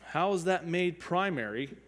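A man teaching music, explaining beats and counting and humming examples aloud as he goes, now and then clearing his throat. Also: sits high, animated, normal speed, a bit bright. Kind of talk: spoken lecture with sung examples. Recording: long reverb, hall-like.

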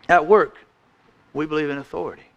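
A man preaching a sermon in a church, folksy, restarting phrases and often clearing his throat. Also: fairly high pitch.

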